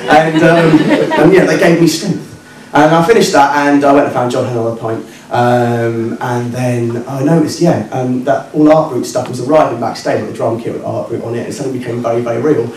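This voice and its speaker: A man telling a true story live to an audience, self-mocking and animated, laughing at himself. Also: medium pitch, a little fast, hardly any pauses, slight background noise. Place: working men's club stage. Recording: echoey club from far off, crowd.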